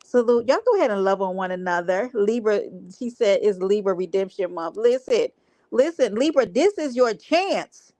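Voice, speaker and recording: A woman's voice: medium pitch, animated, normal speed, dark tone, no room sound. A woman hosting a livestream, talking to her chat in a brash, playful way with plenty of profanity. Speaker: livestream host.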